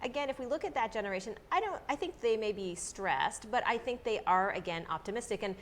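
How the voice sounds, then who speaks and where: A woman's voice: fairly high pitch, animated, fast, a little hiss or hum. Chatty woman hosting an interview. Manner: friendly, chatty, reads out viewer comments. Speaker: interviewer host. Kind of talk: conversational interview. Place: studio set.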